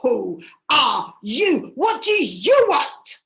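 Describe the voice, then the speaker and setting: A woman voicing a grief-crazed goddess queen of the underworld who shouts in a shrill, wailing way. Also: big pitch swings, drawn-out words, heavily acted. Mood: wild grief.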